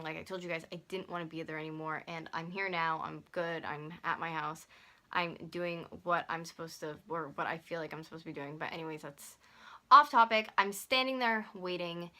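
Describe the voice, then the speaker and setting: A young woman in her twenties tells a storytime to her camera at home. Her voice sits a little low yet comes out bright and forceful. She talks fast and heatedly, packing in "like" as she goes. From North America. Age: 20s. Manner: fast, heated retelling full of "like". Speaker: YouTuber. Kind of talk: storytime vlog. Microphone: camera on a stand.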